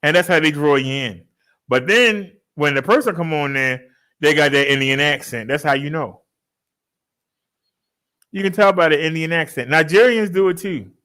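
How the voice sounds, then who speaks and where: A man telling a story to his followers in a casual, joking way, laughing often and switching into high mimicking voices. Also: normal speed, long pauses, sharp tone. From Baltimore, US. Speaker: fitness vlogger telling a story.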